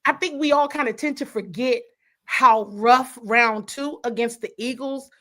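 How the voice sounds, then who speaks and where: A woman in casual sports talk, giving animated football analysis, laughing often and quoting people in put-on voices. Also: fairly high pitch, a little slow.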